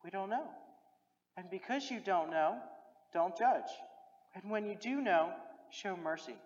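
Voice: medium pitch, expressive, a little slow. Preacher in a reverberant hall. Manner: direct, exhorting, repeats key phrases. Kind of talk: sermon. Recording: dull recording with long hall reverb.

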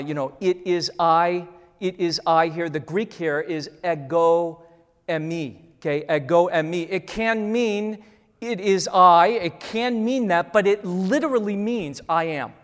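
A pastor preaching a sermon in a lively, dramatic manner. The voice has mid-range pitch. He keeps repeating his key lines and slips into the voices of the people in the stories. A long reverb trails after each phrase, as in a big hall.

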